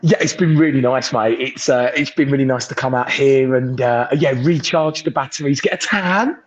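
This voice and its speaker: A young man chatting casually as a podcast guest on a video call, telling stories excitedly and acting out the voices of the people in them. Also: medium pitch, moderate pace. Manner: excitable storyteller, acts out voices. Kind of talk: casual chat. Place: holiday resort, on a sunbed. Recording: dull lo-fi call audio.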